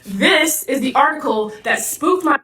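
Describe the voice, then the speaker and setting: A woman's voice: sits high, animated, a little slow, sharp tone, roomy sound, recorded from a distance. A woman therapist talking straight to the camera in a sassy, slangy, confrontational way. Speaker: social media therapist. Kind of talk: direct-to-camera social video.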